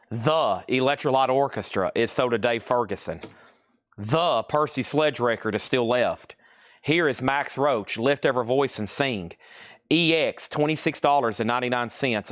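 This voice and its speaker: A man's voice: mid-range voice, a bit bright, no room sound. A man hosting a live online sale from a store, reading out records and prices and teasing buyers in a chatty way. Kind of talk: casual live-stream selling.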